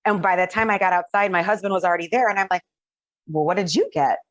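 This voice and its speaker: A middle-aged woman with a lowish voice speaks quickly as a guest telling her personal story. The recording is dull, lo-fi, and dry with no echo, and she rambles casually with fillers and restarts.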